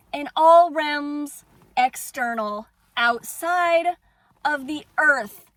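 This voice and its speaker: A young woman in a heated spiritual monologue, cursing fiercely and then falling quiet and steady. Her voice sits high and bright with a tense edge. She talks slowly, in a dry, close recording with no room around her. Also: no room sound. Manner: fierce, swearing, swings between shouting and hushed calm. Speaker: spiritual vlogger. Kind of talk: impassioned personal monologue.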